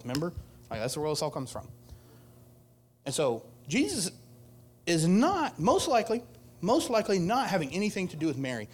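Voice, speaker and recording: A pastor delivering a casual, conversational sermon to a youth group, getting animated as he retells a scripture story. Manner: animated storytelling, voices Martha's complaint with rising pitch; casual, conversational preaching with fillers.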